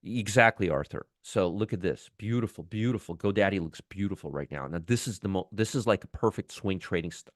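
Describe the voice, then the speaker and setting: A deep-voiced man hosts a trading show in a loose, enthusiastic way, repeating words and breaking off phrases as he goes. His voice is close and dry, with no room sound around it. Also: a little fast, hardly any pauses, dry recording. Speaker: stock trading show host. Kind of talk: casual market commentary.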